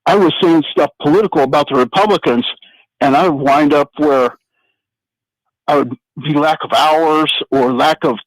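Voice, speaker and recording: A man's voice: fairly high pitch, normal speed, no echo, low-quality recording. Matter-of-fact male radio caller. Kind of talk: call-in talk radio chat.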